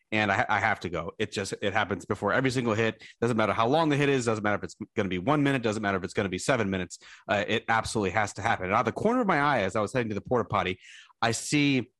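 Animated man telling a story on a podcast. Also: lowish voice, no echo, clean studio sound. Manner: animated, self-deprecating storytelling. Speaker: podcast co-host. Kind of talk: casual podcast chat.

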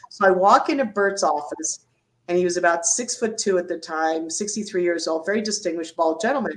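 A woman's voice: mid-range voice, fast, low-quality recording. An older woman, a retired Navy doctor, telling stories in an interview and acting out the quotes. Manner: animated storyteller, acts out quotes. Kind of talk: storytelling interview.

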